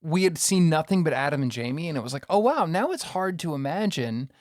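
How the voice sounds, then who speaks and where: A man's voice: a little high, big pitch swings, brisk, a little mellow, no echo, clean studio sound. A man hosting a podcast, enthusiastically recapping a show in casual chat and laughing often. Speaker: podcast host.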